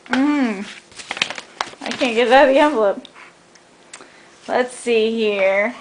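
High-voiced woman cooing at her dog. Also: slow, a little hiss or hum, low-quality recording. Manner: cooing baby talk to a dog. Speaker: dog owner filming her pet. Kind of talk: home video chat.

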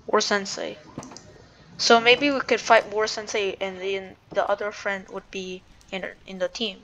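A woman chats her way through a block-building game, thinking aloud and interrupting herself. Her voice sits at an everyday middle pitch. Her words are peppered with "like". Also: level tone, a little slow, a bit bright, highs cut off, slight background noise. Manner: chatty, hedging with "like", self-interrupting. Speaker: gamer and video creator. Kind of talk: casual gameplay commentary.

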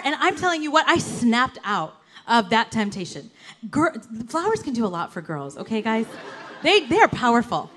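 A woman pastor giving a sermon in an animated, conversational storytelling way, full of casual fillers. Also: on the high side, normal speed. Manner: animated, conversational, lots of "like" and "you know".

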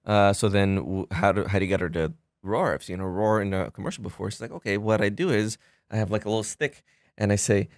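A man with a fairly low voice tells a lively behind-the-scenes story, stumbling through fillers and restarts. He slips into the voices of people he quotes. The sound is dry and close. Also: fast talker, no room sound. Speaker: guest filmmaker. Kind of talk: casual podcast chat.

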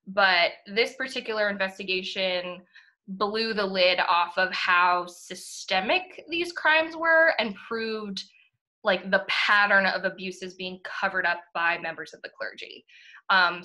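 A woman's voice: mid-range voice, sharp tone, low-quality recording. A young woman from the Boston area co-hosting a podcast, chatting casually, emphatic and laughing often. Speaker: podcast co-host.

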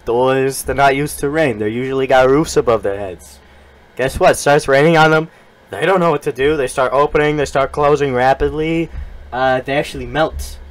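A male streamer improvising a mock sales pitch, riffing quickly and laughing through it.

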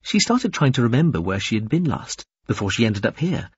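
A man narrating an audiobook in an expressive, varied reading. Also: mid-range voice, brisk, slightly rough, no echo, highs cut off. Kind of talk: scripted narration.

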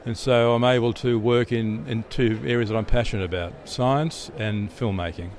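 Speaking at a moderate pace with fairly even intonation, a middle-aged Australian interview guest tells laid-back stories, often restarting and repeating himself. His mid-range voice is slightly mellow, with a little hiss or hum present.

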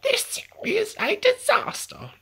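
A reader doing a shrill squawking mother duck. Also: huge pitch swings, slow pace, gravelly, pushed and bright, exaggerated voice. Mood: alarmed. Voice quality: very high, shrill. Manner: squawking, scolding.

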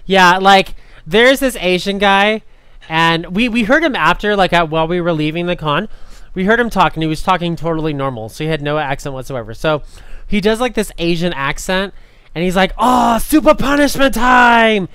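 Male podcast host, chatty and animated, resonant tone, dry studio sound. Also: high voice, a little fast, smooth, no room sound. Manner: animated, laughing often, many fillers. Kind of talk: casual storytelling chat.

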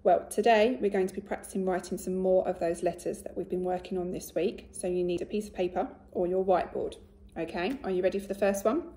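A woman teacher giving a recorded phonics lesson to young children, speaking slowly and clearly and praising often. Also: on the low side, steady tone, warm tone. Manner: slow, clear and encouraging, with much praise. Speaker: primary school teacher.

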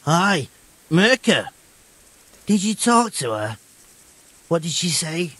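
An actor playing a dim, good-natured young village man in a video game, husky and sheepish. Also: a little high, sing-song, slow pace, pushed and bright, no echo, heavily acted.

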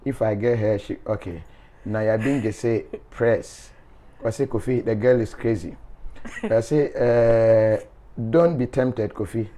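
A man's voice: lowish voice, unhurried, mellow. A man, a show host reading viewer comments aloud in a playful, teasing way with frequent laughter.

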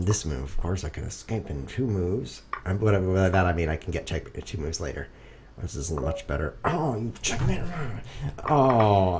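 A man with a low, mellow voice commentates his own chess games for a stream, joking at his own expense and talking straight to viewers. His pitch swings widely, leaping up when something happens on the board and sinking to low mutters as he thinks, with a faint hiss of noise behind him. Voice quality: animated, jumps high when excited, drops to mutters. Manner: goofy, self-mocking, talks to viewers. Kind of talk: casual live commentary while playing. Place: home room. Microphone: streaming setup.

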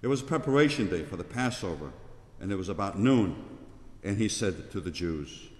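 A man with a fairly low voice narrates the Passion in a steady liturgical reading. His words carry through a large church, where a long, ringing reverb trails after each phrase. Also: normal speed.

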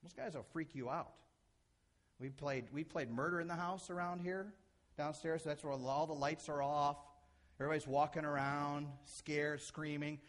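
A middle-aged man preaching a sermon as a pastor, animated, acting out quotes and shifting from loud to soft. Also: on the high side, normal speed.

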